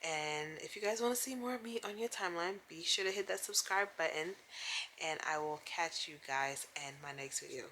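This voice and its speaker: A woman's voice: deep voice, normal speed, noisy background. A young woman chatting casually to her phone camera at home, enthusiastic and full of "like", praising God. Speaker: vlogger. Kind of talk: casual vlog chat. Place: home indoors.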